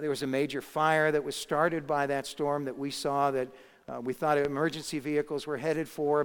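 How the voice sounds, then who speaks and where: A man's voice: mid-range voice, smooth. Man preaching in a reverberant hall. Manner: storytelling, rising to emphatic peaks. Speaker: pastor. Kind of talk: sermon.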